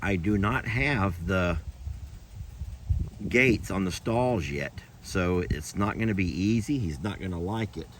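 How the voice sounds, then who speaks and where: A man's voice: deep voice, measured pace, a little hiss or hum. A middle-aged man talking casually to the camera and cooing at his animals outdoors on a farm. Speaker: farm vlogger.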